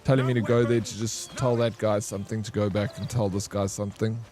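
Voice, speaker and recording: Over background music, a gaming streamer talks a little fast in a low-ish voice with fairly even intonation. His chatty commentary is full of casual swearing, he calls people bro, and he answers his chat as messages come in.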